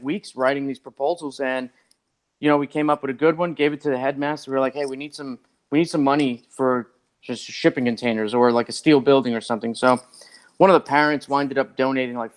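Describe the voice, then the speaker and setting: A man who is a podcast guest, telling a long story in a rambling, animated way and acting out what other people said. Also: mid-range voice. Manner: rambling and animated, acts out others' lines, many "like" fillers. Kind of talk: casual storytelling.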